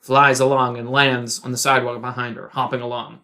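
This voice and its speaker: A man's voice: medium pitch, flat delivery, brisk, sharp tone. A man narrating an improvised audio drama in a casual, amused way. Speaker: co-host and improviser.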